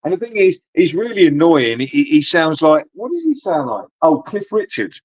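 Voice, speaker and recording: A man chatting casually, rambling, swearing often and getting animated as he goes. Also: fairly high pitch, normal speed, no room sound. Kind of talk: casual chat. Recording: dull dry recording.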